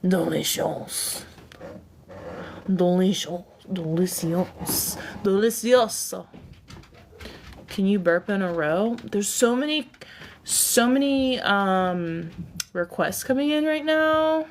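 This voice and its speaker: A woman talking at an unhurried, slow pace as she hosts a casual livestream. She chats directly with her viewers and laughs often between remarks. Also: on the high side, animated, slight background noise. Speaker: livestream host.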